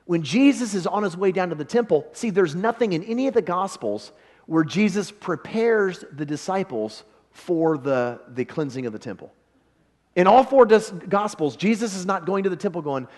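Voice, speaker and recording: A male preacher delivering a revival sermon, his voice sitting a little high and swinging widely in pitch. He talks to the congregation in a casual, animated way, slipping into quick impressions of the people in his story. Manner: animated, conversational, acts out quoted voices. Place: church.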